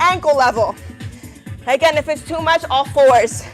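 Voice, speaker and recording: A woman's voice: sits high, a little slow. A woman fitness instructor coaching a live workout, upbeat and encouraging as she counts reps, a little out of breath. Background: workout music.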